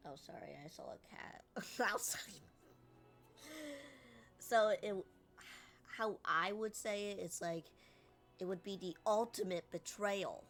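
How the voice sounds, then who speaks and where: A woman's voice: mid-range voice, slow, pauses often, soft background music. A woman streamer commenting on a game, chatty and acting out lines herself. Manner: chatty, critiques and re-reads lines.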